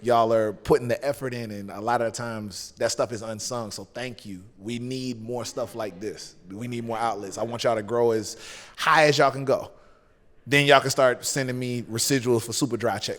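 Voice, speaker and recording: A man's voice: mid-range voice, moderate pace, fairly bright tone. Laid-back Southern US man, hall reverb. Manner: laid-back, rambling, with many fillers. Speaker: guest, pro wrestler. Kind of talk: casual chat.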